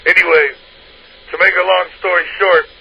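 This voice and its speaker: A man's voice: high-pitched, little pitch movement, normal speed, gravelly, husky. A man telling a crude, profane anecdote in a casual way, laughing often as he talks. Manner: crude, profane, laughs through his own story. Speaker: hotline storyteller. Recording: dull lo-fi line with faint hiss.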